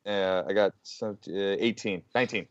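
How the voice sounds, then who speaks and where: A man playing a tabletop game, blunt and excitable, swearing freely. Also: sits low, normal speed, no echo, lo-fi sound. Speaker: player. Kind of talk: casual tabletop game chat.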